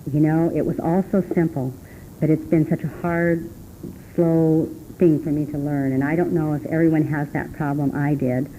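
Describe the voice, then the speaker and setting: A middle-aged woman sharing her story at a recovery meeting, rambling and earnest, with many restarts and sudden laughing jumps in pitch. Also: mellow, poor audio. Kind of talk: personal testimony talk. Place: meeting room. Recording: faint hum on an old tape recording.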